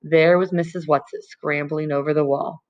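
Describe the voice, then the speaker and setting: A woman narrating a novel aloud as an audiobook reader, in a calm, even storytelling manner. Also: low voice, moderate pace, dull audio. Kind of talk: scripted narration.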